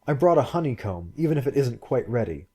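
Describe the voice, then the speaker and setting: A brisk, forthright young woman, put on by a male narrator, speaking in a raised, lighter voice than his own. She talks quickly and with emphasis, sometimes with scorn. Her tone stays mellow and a little husky. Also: mid-range voice, very animated, pitched above the performer's own voice.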